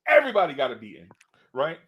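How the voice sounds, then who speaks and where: A man's voice: fairly high pitch, fast talker, dull audio. A man telling a childhood story in casual chat, laughing often and acting out the people in it. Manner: animated, laughing, acts out the people in his stories. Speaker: podcast co-host.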